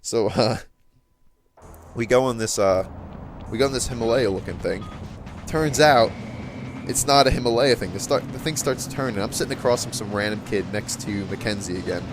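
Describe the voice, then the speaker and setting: A man casually telling a rambling story with frequent chuckles and fillers, as a gaming channel host. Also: lowish voice. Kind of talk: casual storytelling over gameplay.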